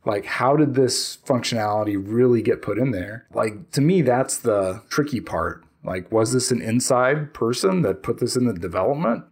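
A man's voice: mid-range voice, lively intonation, moderate pace, hardly any pauses, breathy edge. A man co-hosting a casual tech podcast, talking in a conversational, musing way with some self-deprecating asides.

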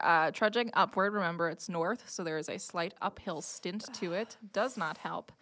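Woman gm rambling through a tabletop scene, bright voice, lots of ums. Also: on the low side. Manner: loose, rambling narration with fillers and laughs. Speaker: game master. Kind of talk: narrating a tabletop game.

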